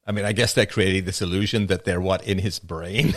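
A man's voice: low voice, a little fast, few pauses. A man hosting a live stream, riffing through a casual comedic monologue and laughing at his own jokes. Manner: animated, joking, often laughing at own jokes.

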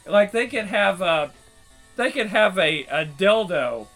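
Male channel host, high-pitched, profane rambling delivery, faint music behind. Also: lively intonation, takes it slowly, a bit bright, rough recording. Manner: rambling, profane, frequent restarts. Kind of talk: casual commentary.

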